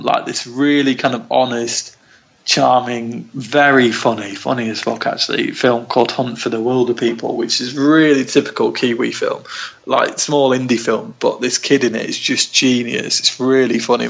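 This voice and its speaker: Gravelly man in casual film chat. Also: mid-range voice, steady tone, normal speed, a bit bright. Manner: rambling, enthusiastic, self-interrupting. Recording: dull lo-fi recording.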